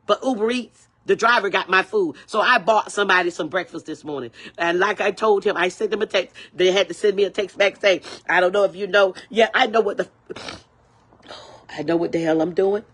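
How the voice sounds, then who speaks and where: An older woman on a livestream, ranting angrily and repeating herself, swearing freely, with a husky voice. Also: medium pitch, brisk, a bit bright. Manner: angry, repetitive, profane. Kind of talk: angry livestream rant.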